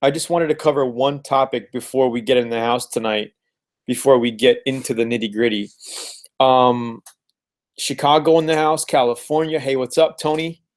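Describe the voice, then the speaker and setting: A man's voice: mid-range voice, steady tone, moderate pace. A man hosting a casual live stream from home, upbeat and fond of repeating words as he greets viewers. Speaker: host of a live car-flipping webinar.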